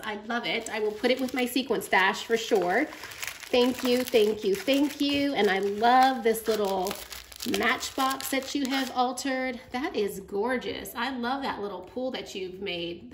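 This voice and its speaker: A woman excitedly opening crafting gifts on camera in a casual, gushing vlog chat. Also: on the high side. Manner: gushing, effusive. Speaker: craft vlogger. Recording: echoey room, faint noise.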